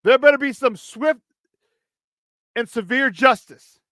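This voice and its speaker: Heated high-voiced sports talk host. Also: male voice, a little slow, fairly bright tone, dry recording. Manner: heated, emphatic, repeats phrases for emphasis.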